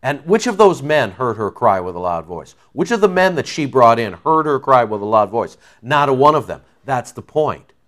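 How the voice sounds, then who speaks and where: A man's voice: mid-range voice, sing-song, moderate pace, hardly any pauses, a bit bright. A man preaching verse by verse, reading scripture aloud and then explaining it in a casual, conversational way. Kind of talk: verse-by-verse Bible teaching.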